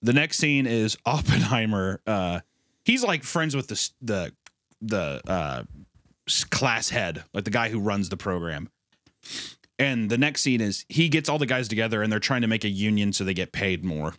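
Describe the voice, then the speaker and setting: A man co-hosting a podcast in casual chat, telling a story in a rambling, animated way. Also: lowish voice, normal speed, no room sound, studio quality. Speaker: podcast co-host.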